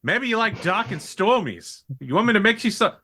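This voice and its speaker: A man's voice: high voice, sing-song, moderate pace, bright, forceful tone, pitched above the performer's own voice, full character voice. A man voicing a brash, mulleted Australian bogan soldier with a put-on Australian accent, drawling and full of mates. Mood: hospitable. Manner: drawling, mate-heavy.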